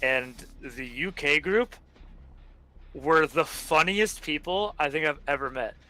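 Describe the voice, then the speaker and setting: A man's voice: a little high, pushed and bright, poor audio. A man in his twenties chatting casually about old online games, rambling with many fillers and swear words, often breaking into laughter. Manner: quick bursts of laughter while storytelling. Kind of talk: casual gaming chat.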